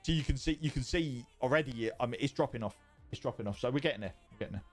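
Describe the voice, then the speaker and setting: Talking fast in a mid-range voice, with faint music in the background, a man livestreams from home. He reads viewer messages and chats in a loose, sweary, repetitive manner.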